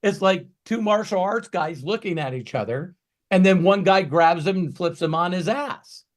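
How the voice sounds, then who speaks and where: A man coaching in a Q&A talk, emphatic and ranting, swinging from quiet asides to loud bursts. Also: sits high, moderate pace. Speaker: business coach.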